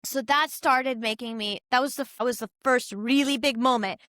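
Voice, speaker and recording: A young adult woman telling a personal story as a podcast guest, chatty and animated, full of "like" and "you know" and acted-out quotes of other people. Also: fairly high pitch, moderate pace, dry recording, studio quality. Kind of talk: casual storytelling in an interview.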